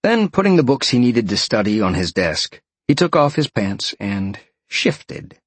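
A man narrating an audiobook in a lively storytelling way. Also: lowish voice, measured pace, slightly rough, no echo.

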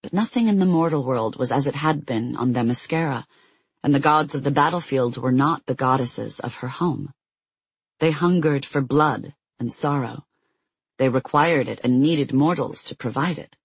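An audiobook narrator reading a fantasy novel in a steady, measured storytelling voice on a close mic. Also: medium pitch, breathy edge, dry recording, rough recording.

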